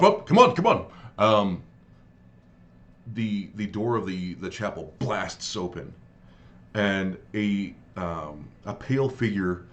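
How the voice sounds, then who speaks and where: A man with a very low, deep voice narrates a tabletop adventure as game master. He talks in halting bursts, full of ums and restarts. A faint hiss of ambient noise sits under the recording. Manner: halting, many fillers and restarts.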